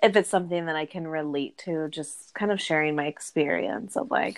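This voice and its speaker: A woman's voice: sits low, fairly quick, few pauses, dry recording. A young woman hairstylist as a podcast guest, chatty and earnest, full of "like" and "you know". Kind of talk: casual podcast interview.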